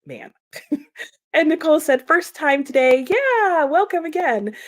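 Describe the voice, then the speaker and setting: A woman's voice: high voice, very animated, a little slow. A woman hosting a book livestream, chatting casually and laughing often as she reads out viewer comments. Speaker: booktube host reading chat comments.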